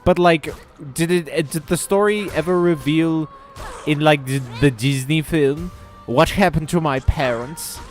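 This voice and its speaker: Slow rambling male game streamer. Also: on the high side, faint music behind. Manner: rambling, joking, swears. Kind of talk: casual gaming stream chat.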